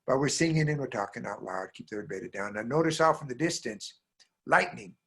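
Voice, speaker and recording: A man from the American Southwest, a storyteller performing a tale aloud, speaking straight to his listeners and swinging from hushed lines to loud bursts. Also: mid-range voice, animated, brisk, breathy edge. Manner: talks straight to listeners with frequent "right?".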